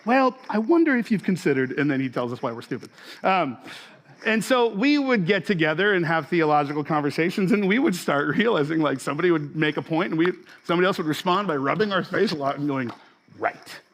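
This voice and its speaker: Man, forties, pastor, sermon, conversational, fillers and restarts, higher voice. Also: animated, fast, fairly bright tone.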